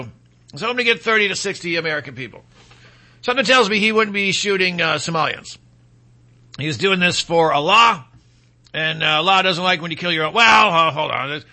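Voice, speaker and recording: Male podcast host, sarcastic rambling commentary, high-pitched, sharp bright tone. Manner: rambling, sarcastic, with asides and restarts. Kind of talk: opinionated political commentary.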